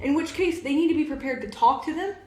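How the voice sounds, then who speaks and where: A young woman co-hosting a casual chat, explaining her ideas in an animated way and often laughing as she talks. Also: high voice, quick pace, background noise. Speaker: co-host. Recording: echoey room.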